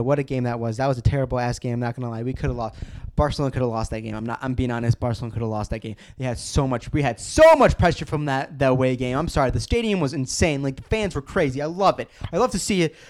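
A man hosting a casual football podcast, ranting excitedly, cursing often and restarting his sentences. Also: on the high side, smooth.

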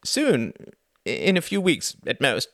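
Man voicing an earnest naive gentleman, hesitant, stammering, lively pitch, dry close sound. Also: unhurried, no echo, full character voice.

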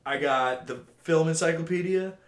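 A young man co-hosting a casual podcast, an animated storyteller who swears freely. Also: a little high, moderate pace. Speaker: podcast co-host. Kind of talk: casual chat. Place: home cellar. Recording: echoey cellar room.

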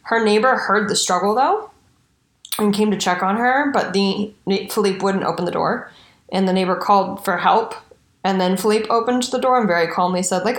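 A woman, mid-pitched, telling a grisly story on a casual podcast with animated, swearing delivery. Her voice sounds roomy and echoey, as if recorded in an untreated room. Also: moderate pace. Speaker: podcast co-host. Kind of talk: casual true-crime podcast chat. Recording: roomy echo.

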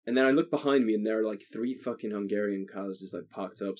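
A man's voice: fairly low pitch, quick pace, hardly any pauses, a little mellow. Young man swearing through a rambling story. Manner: swears a lot, rambling with restarts. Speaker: podcast co-host telling a story. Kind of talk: casual chat, storytelling. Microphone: desk microphone.

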